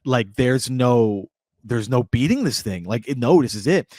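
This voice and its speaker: Male podcast co-host, mid-pitched, lively retelling of film scenes, dry studio sound. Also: normal speed, no echo. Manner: animated storyteller, acts out scenes. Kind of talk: casual movie discussion.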